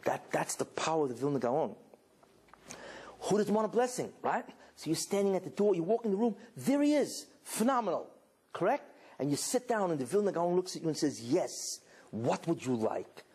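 A man delivers a sermon to a live audience, voice somewhat high and husky. He tells the story with animated energy and keeps checking in with rhetorical questions. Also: fairly quick. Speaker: rabbi.

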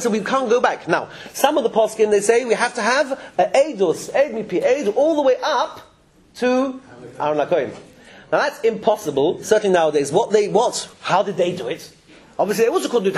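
Animated man teaching a live class. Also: high voice. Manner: animated, chuckling, with frequent restarts. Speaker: religious teacher. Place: classroom with listeners.

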